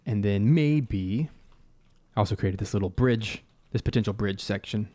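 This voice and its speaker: A man's voice: lowish voice, normal speed, dark tone. A man hosting a live stream, casually talking through his composing ideas and humming bits of melody as he goes. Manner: thinks aloud, hums and scats melody ideas.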